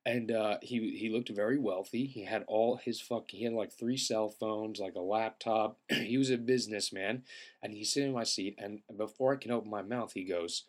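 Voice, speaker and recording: A young man who feels sick, telling a rambling, profane comedic story and often clearing his throat. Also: lowish voice, steady tone, normal speed. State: feeling sick. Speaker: podcast host.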